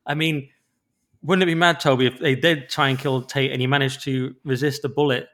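A man co-hosting a podcast in casual chat. He is quick, animated and opinionated, and often restarts his sentences. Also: medium pitch. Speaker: podcast co-host.

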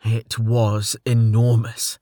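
A man's voice: fairly low pitch, completely flat delivery, slow pace, warm tone, no echo, clean studio sound. Man narrating a fantasy audiobook. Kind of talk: scripted narration.

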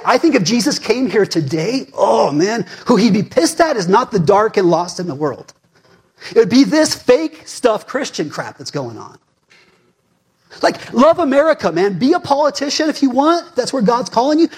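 A male pastor in his forties preaching a sermon in a fired-up, conversational way, swinging between loud emphasis and hushed asides. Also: high-pitched, very animated, moderate pace, breathy edge.

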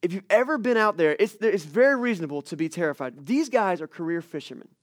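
A man's voice: high voice, fast talker, no echo, clean studio sound. A young man preaching a casual sermon, telling stories and acting out voices and screams. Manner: casual, storytelling, animated with acted-out screams. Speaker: pastor.

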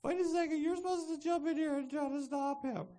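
A man's voice: extremely high pitch, steady tone, a little fast, dark tone, voice pushed up. A man voicing a self-pitying middle-aged wife who complains in a whiny, helpless way. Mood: indignant.

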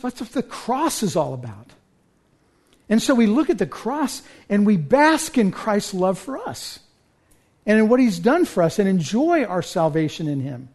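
Man, pastor, earnest sermon, high-pitched voice, urgent appeals. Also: a little mellow.

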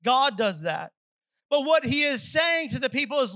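High, bright-voiced male preacher. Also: sing-song, moderate pace, no echo, poor audio. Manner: earnest, acts out pleading voices. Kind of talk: sermon. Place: church service.

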